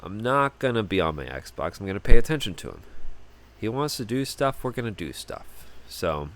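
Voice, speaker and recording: A man's voice: fairly low pitch, very animated, moderate pace, a bit bright. A young man hosting a casual solo podcast, rambling and often repeating words as he starts sentences. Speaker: podcast host.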